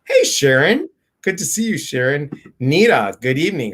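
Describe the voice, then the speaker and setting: A man hosting a live stream, excitedly welcoming viewers by name in a casual, bubbly way. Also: fairly high pitch, normal speed, husky.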